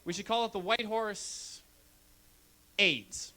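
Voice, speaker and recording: With a high-pitched voice and an unhurried delivery, a young Canadian man works through a brash, deadpan stand-up routine, handheld mic in hand on a club stage.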